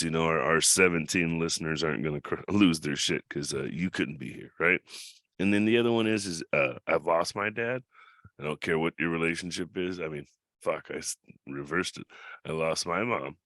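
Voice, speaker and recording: A man with a very low voice hosts a casual podcast from home. He jokes, swears and laughs easily, and the sound is close and dry with no room echo. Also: bright, forceful tone. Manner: joking and profane, laughs often. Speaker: podcast host.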